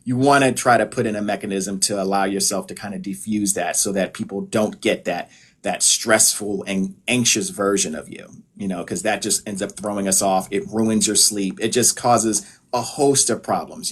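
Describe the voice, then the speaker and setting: A man from the United States, a holistic health practitioner, talking casually on a live stream. He explains in a relaxed way and leans on filler phrases. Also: lowish voice, moderate pace.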